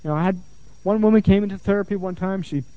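A middle-aged man, a therapist, lecturing and telling stories from his practice, animated and given to repeating phrases for emphasis. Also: high voice, fast talker, smooth, dry recording. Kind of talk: lecture with anecdotes. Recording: dull, muffled lo-fi sound.

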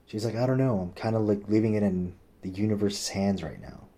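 Deep-voiced guy rambling thru a story, cusses a ton, says like a lot. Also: fairly quick, mellow. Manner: rambling, swears a lot, heavy use of "like"; acts out quoted people with pitch jumps. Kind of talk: casual storytelling.

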